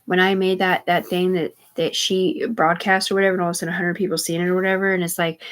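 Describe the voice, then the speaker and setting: A woman's voice: on the low side, level tone. A woman livestreaming a rambling, profane monologue, jumping between thoughts in an agitated way. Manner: rambling, profane, rapid digressions; agitated, repeatedly says "dude". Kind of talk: rambling live-stream monologue.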